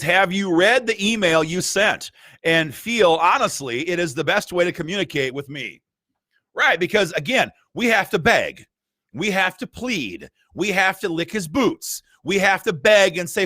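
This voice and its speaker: A man's voice: high-pitched, very animated, a little slow, bright, forceful tone, no echo. A man hosting a political commentary, reading emails aloud in a combative, sarcastic and mocking way. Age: adult with a school-age child. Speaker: gun rights group host.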